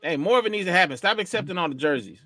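Playful man with a high lively voice. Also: rapid-fire, dry recording, soft background music. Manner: playful, teasing. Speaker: podcast co-host. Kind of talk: casual sports chat.

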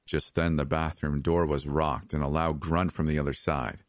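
A man reading a scripted horror story as podcast narrator, steady and measured. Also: extremely low pitch, dry recording, clean studio sound.

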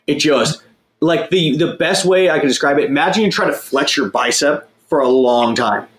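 A young man with a fairly high voice tells a crude, meandering story at a moderate pace in casual conversation, the sound roomy. He swears often and pokes fun at himself.

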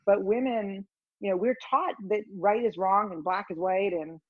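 A woman guest in an interview, telling stories in a rambling, animated way. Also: mid-range voice, moderate pace, dry recording, narrow, tinny audio. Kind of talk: conversational storytelling.

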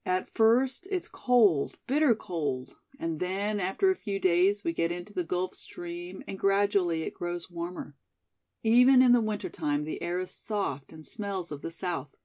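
A woman's voice: on the low side, a little slow, dark tone, natural voice. A woman voicing a passionate, dreamy young college girl in a storybook reading, pleading and rapturous by turns.

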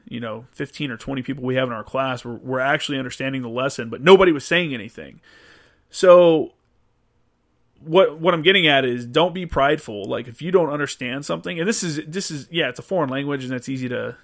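A man's voice: medium pitch, fairly bright tone. Casual, cursing man telling a story. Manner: loose and profane, with many "like"s and restarts. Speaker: podcast host answering listener questions.

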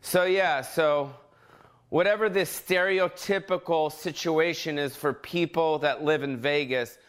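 A man's voice: on the high side, a little slow, clear, resonant tone. A man hosting his own podcast, ranting casually from home with heavy swearing and sudden mock voices. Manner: profane, animated, jumps into mock voices. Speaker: podcast host. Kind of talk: casual solo rant.

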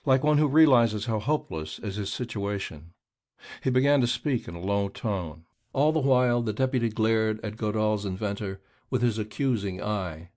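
A man reading a story aloud as the narrator, with an expressive storytelling delivery. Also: lowish voice. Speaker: audiobook reader. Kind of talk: scripted narration.

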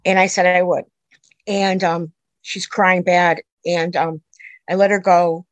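A woman's voice: on the low side, little pitch movement, a little slow, no echo, rough recording. A middle-aged woman, a mother, telling a long personal story in an earnest, rambling way that jumps back and forth in time. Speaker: interviewee, a mother telling her daughter's story.

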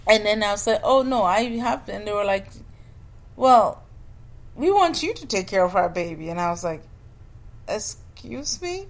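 A woman who runs a childcare business, casually telling a story in an animated way and acting out the people she quotes. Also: brisk, few pauses. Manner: animated, acts out quoted people with jumps in pitch.

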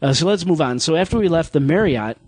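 A man's voice: a little high, expressive, fast talker, darkish tone, slight background noise. A man hosting a casual group podcast, telling a travel story and acting out the people he met. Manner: storytelling, acts out quoted people. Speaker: podcast host.

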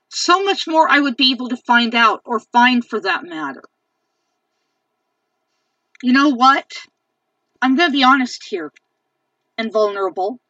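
A woman rants in a long angry monologue, repeating herself and swearing for emphasis. Her voice is high and bright with a tense edge. It is recorded dry, from a distance, with a dull lo-fi sound. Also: no room sound. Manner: angry, repetitive ranting; profane, emphatic. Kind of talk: venting monologue.

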